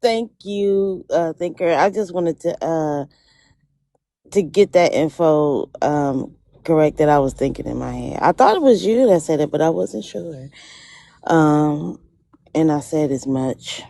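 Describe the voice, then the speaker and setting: A woman talking in a relaxed, expressive way on a casual livestream. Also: deep voice, a little slow, gravelly, no room sound.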